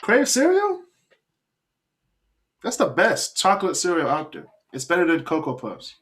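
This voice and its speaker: A man's voice: high-pitched, wildly swooping pitch, a little slow, a bit bright. A man hosting a podcast, joking and bantering in casual chat. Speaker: podcast host.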